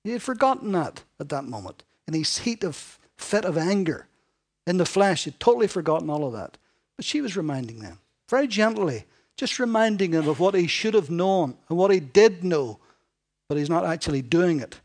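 A male preacher with a fairly high voice delivers a sermon with lively energy. He jokes with the congregation and rises in pitch and volume as he reads the scripture aloud. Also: normal speed. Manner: animated, joking with the congregation.

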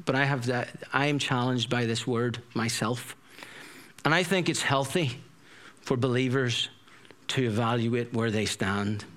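A man's voice: medium pitch, a bit bright. A middle-aged man preaching a sermon in a conversational, storytelling way, full of rhetorical questions.

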